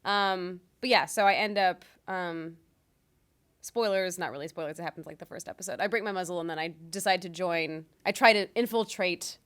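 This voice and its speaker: A woman's voice: on the low side, normal speed, fairly bright tone. Chatty young woman voice actor. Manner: chatty, lots of ums and likes, laughs easily. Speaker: voice actor guest. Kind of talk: casual interview chat. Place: convention interview.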